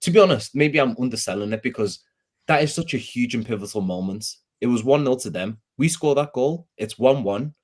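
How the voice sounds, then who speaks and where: A man's voice: mid-range voice, lively intonation, brisk. A man with a Scouse accent in a casual football fan chat, rambling, rueful and self-deprecating.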